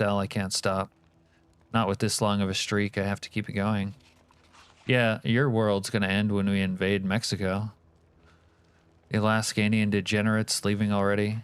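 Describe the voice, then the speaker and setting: Chatting on his livestream, a man reads and responds to live chat, joking with viewers in profane banter. His lowish voice is smooth and the recording is dry.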